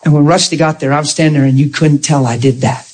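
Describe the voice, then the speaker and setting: A man in his forties, a preacher telling lively stories from the pulpit and acting out the dialogue. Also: on the high side, fast, slightly rough. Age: 40s. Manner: animated, acts out dialogue with laughter. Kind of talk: storytelling sermon.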